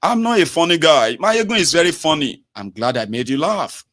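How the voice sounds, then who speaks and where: A man's voice: a little high, animated, moderate pace, a bit bright. A Nigerian man hosting a solo radio broadcast. He talks casually and switches between English, Pidgin and Yoruba, and he acts out the listeners he quotes. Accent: Nigerian, Yoruba-speaking. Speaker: radio host.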